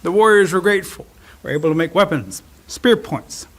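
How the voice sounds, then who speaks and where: A man telling a traditional folk tale in an animated, expressive way. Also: high-pitched, brisk. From Cherokee Nation. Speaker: storyteller. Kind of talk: oral storytelling.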